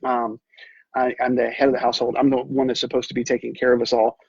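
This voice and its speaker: A middle-aged man telling his personal story in an earnest, halting way, with many restarts. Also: medium pitch, flat delivery, darkish tone, husky, dry recording. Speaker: realtor. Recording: dull, muffled sound.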